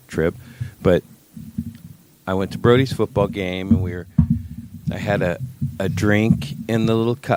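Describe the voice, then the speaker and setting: A man's voice: sits low, slight background noise. A man co-hosting a podcast, chatting casually in a rambling way with dry sarcasm, just over an illness. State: recovering from covid. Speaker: podcast co-host. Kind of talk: casual chat.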